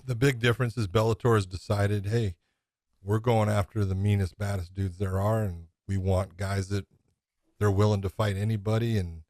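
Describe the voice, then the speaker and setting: A man with a fairly low voice co-hosts a casual fight podcast. He explains things at length and drops in plenty of "you know" fillers. His voice sounds close and dry, with no room around it. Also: fairly even intonation, normal speed, darkish tone, no echo. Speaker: podcast co-host. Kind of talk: casual MMA chat.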